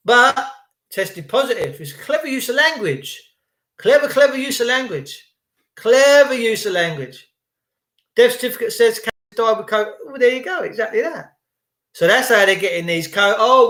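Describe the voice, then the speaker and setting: A man talking casually to his viewers, animated, acting out other people's voices and repeating his points for emphasis. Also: very high-pitched, reverberant. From United Kingdom. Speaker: vlogger.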